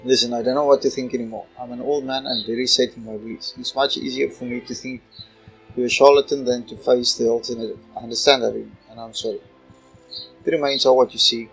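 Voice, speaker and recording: A man voicing an eager old male church archaeologist, reading the lines aloud in a flat way. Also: medium pitch, a little fast, slightly rough, faint music behind, low-quality recording. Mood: conflicted.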